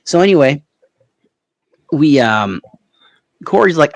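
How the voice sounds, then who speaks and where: A man with a Canadian Maritimes accent tells a meandering anecdote on a podcast, chuckling as he goes. His voice sits at an everyday pitch, recorded close and dry. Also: animated, normal speed, no room sound. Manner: rambling anecdotal, laughs at own story. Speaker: podcast co-host. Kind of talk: casual storytelling chat.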